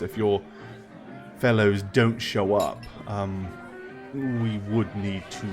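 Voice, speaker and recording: A man's voice: fairly low pitch, voice pushed down, close to an everyday voice. A man voicing a deferential club waiter who speaks formally and hesitantly in a tabletop game.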